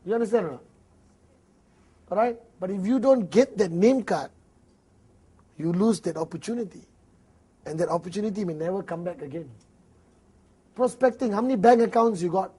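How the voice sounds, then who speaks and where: A man's voice: high-pitched, moderate pace, pauses often, mellow, husky. A man with a Malaysian English accent giving a motivational network marketing seminar, acting out little dialogues and often laughing.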